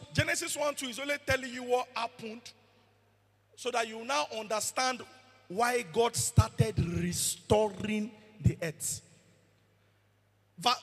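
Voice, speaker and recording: A man's voice: high voice, fairly bright tone, husky. A man preaching a sermon as pastor, emphatic and asking the congregation questions. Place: church hall. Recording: long hall reverb.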